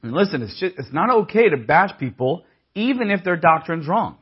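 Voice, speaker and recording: A man's voice: on the high side, big pitch swings, moderate pace, breathy edge, muffled recording. A man preaching a sermon in a casual, conversational way, mixing scripture with humorous personal stories.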